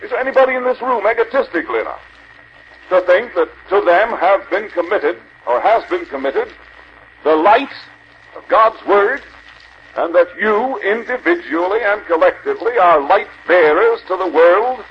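Older male preacher, fervent exhortation, lively pitch, muffled archival tape. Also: normal speed. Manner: earnest exhorting, rhetorical questions. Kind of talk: convention sermon. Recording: dull archival recording with faint hiss.

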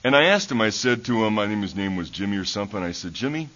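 A man's voice: lowish voice, animated, fast talker, fairly bright tone. A man who is a preacher and schoolteacher, giving a sermon in a folksy storytelling way, with many fillers and restarts, heard in a church. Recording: dull lo-fi recording.

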